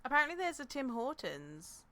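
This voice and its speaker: A young woman co-hosting a podcast in casual chat, playful and quick with agreement and laughter. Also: high-pitched, big pitch swings, crowd noise. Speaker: podcast co-host.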